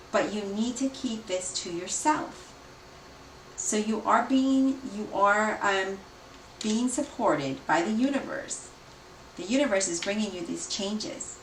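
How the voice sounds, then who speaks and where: Female tarot reader, lively and repetitive, roomy echo, slightly off-mic, faint room noise. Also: mid-range voice. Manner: energetic, repeats herself, speeds up with excitement. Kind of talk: tarot reading. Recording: echoey room, mic at a distance.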